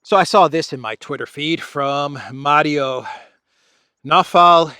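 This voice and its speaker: A man who grew up in Greece, a show host, giving casual solo commentary in a sardonic, drawn-out way with laughing asides, recorded outdoors among trees. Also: on the high side, pushed and bright, smooth, dry recording, clean studio sound.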